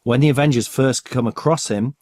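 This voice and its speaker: On a podcast, a male co-host with a medium-pitched, brisk, slightly mellow voice eagerly retells comic stories, acting out the quotes. It's casual comic-book chat, enthusiastic and story-driven, recorded at studio quality with no echo.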